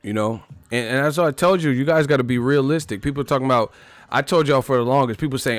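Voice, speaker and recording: A man's voice: mid-range voice, fast talker, no echo. A man holds forth on a live stream in a blunt, emphatic rant, repeating himself and swearing freely. His voice sits mid-range, and faint music plays underneath. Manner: blunt, repetitive, emphatic, profane. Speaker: boxing commentator.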